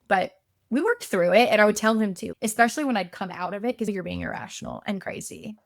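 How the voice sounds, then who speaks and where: A woman's voice: mid-range voice, normal speed, creaky, a bit bright, dry recording, clean studio sound. A woman, a podcast guest, telling her story in a chatty, casual way, full of fillers and acted-out quotes.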